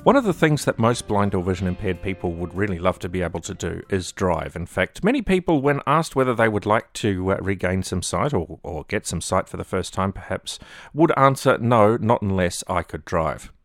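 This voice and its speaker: A man hosting a radio program, introducing the topic and his guest in a measured way. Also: low voice, expressive, dry recording, faint music behind.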